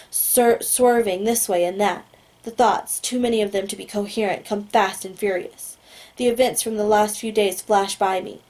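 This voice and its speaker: Woman reading a novel aloud. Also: mid-range voice. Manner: steady reading with occasional stumbles and self-corrections. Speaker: audiobook reader. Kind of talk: first-person novel narration.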